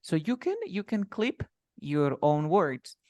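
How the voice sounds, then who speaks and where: A man's voice: on the high side, expressive, slow, a little mellow, no echo, studio quality. A man whose first language is Spanish, teaching an English lesson in a casual style and explaining with many examples and repetitions.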